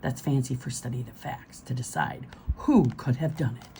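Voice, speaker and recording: A woman reading a children's storybook aloud, gentle and expressive. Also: a bass voice, normal speed, slight background noise, low-quality recording.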